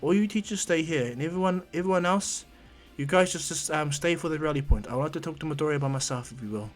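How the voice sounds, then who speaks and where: A man's voice: fairly high pitch, fast talker, faint music behind, lightly acted. A man voicing a polite, formal male animal school principal. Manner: courteous, formal requests.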